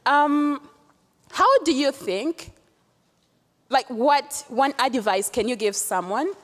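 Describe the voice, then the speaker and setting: A young woman from Uganda asking a question from the audience, excited and hesitant, with many fillers. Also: high voice, takes it slowly, in a large hall.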